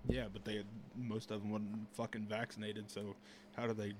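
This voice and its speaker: A young man co-hosting a casual podcast, laid-back and quick with a joke, laughing often. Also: fairly low pitch, little pitch movement, heavy background noise. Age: young adult. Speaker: podcast co-host.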